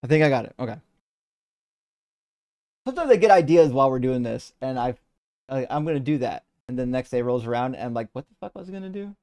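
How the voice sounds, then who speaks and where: Man, live-stream host, casual chat, gravelly, warm dark tone, rambling, swears casually. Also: mid-range voice, expressive, quick pace, pauses often.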